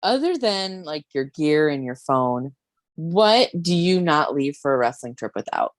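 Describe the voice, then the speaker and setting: A woman's voice: deep voice, very animated, no echo. Laughing woman host asking questions. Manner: laughs a lot, quick follow-up questions. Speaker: podcast host. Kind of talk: interview chat.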